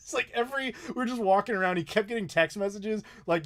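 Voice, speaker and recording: American man, YouTuber host, slightly high voice, chatty storytelling, quotes people animatedly. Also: fast, few pauses. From United States. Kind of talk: casual live Q&A storytelling.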